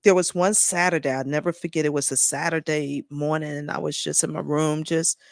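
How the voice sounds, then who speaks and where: A woman's voice: low-pitched, flat delivery, fairly quick, vocal fry, no room sound, studio quality. Earnest woman telling her story. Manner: earnest, heartfelt storytelling with fillers. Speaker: podcast guest, founder. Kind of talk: casual interview chat.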